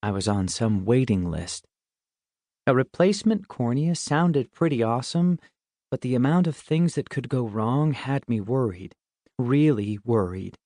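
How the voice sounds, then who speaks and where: A man's voice: mid-range voice, animated, a little slow, dark tone, no room sound, clean studio sound. A man reading a first-person middle-grade audiobook in a wry, conversational way. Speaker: audiobook narrator.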